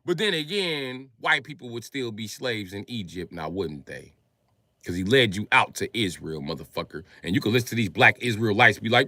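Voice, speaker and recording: A man holds forth on his own livestream in a rough, profane rant that drops to a mutter and climbs to shouts. His voice is piercingly bright and tense, with a pitch that leaps about a lot, recorded close and dry. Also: animated, moderate pace, no echo. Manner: profane, ranting, swings from low muttering to loud shouting. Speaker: livestream host. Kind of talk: livestream monologue.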